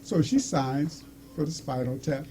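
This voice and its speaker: A middle-aged man casually telling a personal story, animated, acting out the people in it and laughing often. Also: a little high, unhurried, slight background noise.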